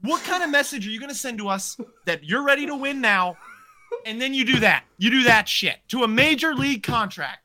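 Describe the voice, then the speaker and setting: A man's voice: extremely high pitch, lively intonation, fairly quick, bright, forceful tone. A man co-hosting a casual sports podcast, ranting heatedly and swearing a lot. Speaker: podcast co-host.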